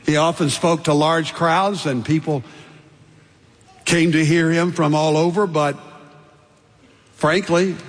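An older man preaching with emphatic, rhythmic lists, his voice sitting a little high for a man. Long reverb trails off his words in a large church hall. He leans into stressed phrases and lets them ring out. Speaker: pastor. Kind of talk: sermon.

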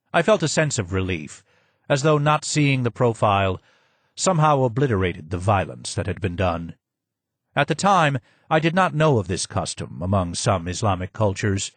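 A man's voice: on the low side, very animated, no echo. Man narrating an audiobook, dry sound. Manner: measured and descriptive. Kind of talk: scripted first-person narration.

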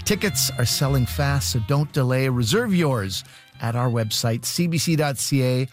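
A man's voice: mid-range voice, animated, moderate pace. Male radio host with music behind. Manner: smooth, promotional announcing. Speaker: radio comedy show host. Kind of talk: scripted radio hosting.

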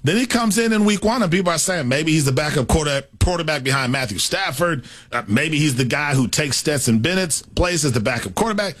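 Guy on a sports talk show, kinda high-pitched, talks his takes out loud. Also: expressive, a little fast, hardly any pauses. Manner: opinionated, thinks aloud with many "I think" asides.

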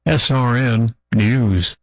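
Male newsreader, mid-pitched, steady headline read. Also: extremely slow, no echo, rough recording. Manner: crisp, even news-reading delivery. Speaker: news anchor. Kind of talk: radio newscast.

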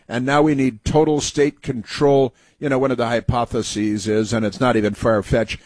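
A man's voice: mid-range voice, level tone, normal speed, a little mellow, dry recording. A male talk radio host giving scornful, sarcastic political commentary in a rambling way.

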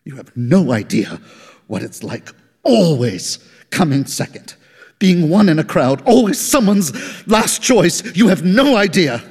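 A man's voice: mid-range voice, sing-song, measured pace, gravelly, a little mellow, husky, full character voice. Man playing a resentful, pleading caller, live reading with long hall reverb. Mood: bitter. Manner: bitter, pleading. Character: bitter, resentful man on the phone.

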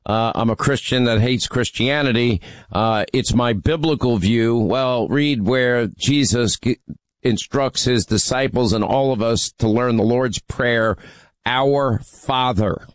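A middle-aged man runs a radio call-in show with an emphatic, rallying delivery. His voice is of middling pitch and sounds close and dry, with no room around it. He teases callers between stronger points. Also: a little slow, no room sound. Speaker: radio talk show host. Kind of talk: talk radio, taking calls.

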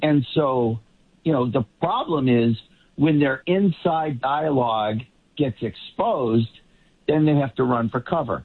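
A man commenting on politics in a casual panel talk, rambling with quick asides. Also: mid-range voice, slightly rough. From Boston area. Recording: tinny phone-like line.

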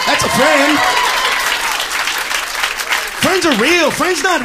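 A man's voice: extremely high pitch, animated, extremely slow, long pauses. A man doing a brash, profane stand-up set, barking punchlines and challenging the audience. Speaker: stand-up comedian. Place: comedy club stage before a live audience. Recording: live club recording with roaring crowd and noise.

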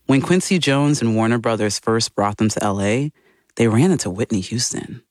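A man giving scripted documentary narration with measured, dramatic pacing. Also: medium pitch, dry recording, studio quality.

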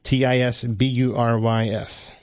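A man's voice: mid-range voice, flat delivery, measured pace, dry recording. A man hosting a radio interview, easygoing and joking with his guest. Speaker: radio host.

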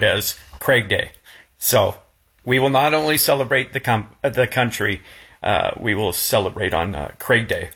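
Man, husky low voice, casual talk, halting, emotional. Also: sharp tone. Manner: halting, emotional, many restarts. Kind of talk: casual chat.

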